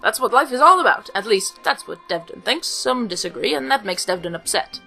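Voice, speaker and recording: An eccentric, upbeat soldier who adores plants and always refers to himself in the third person, as a woman puts him on. The voice is pitched up and bright. Soft game music plays under it. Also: expressive, a little fast, vocal fry, exaggerated voice. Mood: earnest. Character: eccentric cheerful male plant-loving soldier.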